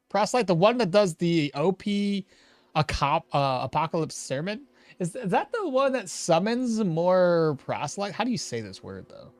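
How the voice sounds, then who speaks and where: A game streamer giving casual live gameplay commentary, animated and laughing, often trailing off and restarting mid-sentence. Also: mid-range voice.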